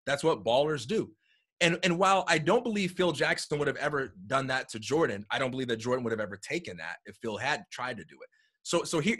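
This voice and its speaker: A man talking as a guest in a casual conversation, animated and acting out quotes as he tells a story, heard over a video call. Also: on the high side, slightly rough. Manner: animated storyteller, acts out quotes, repeats words.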